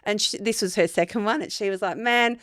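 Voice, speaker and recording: A woman co-hosting a casual chat podcast, telling frank, animated stories with laughter and swearing. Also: medium pitch, quick pace, no room sound, clean studio sound. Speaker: podcast co-host.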